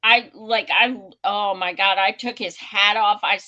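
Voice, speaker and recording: A woman co-hosting a podcast, telling profane, animated stories in casual chat and acting out what people said. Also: medium pitch, unhurried, dull audio. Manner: profane, animated anecdotes with acted-out quotes. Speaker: podcast co-host.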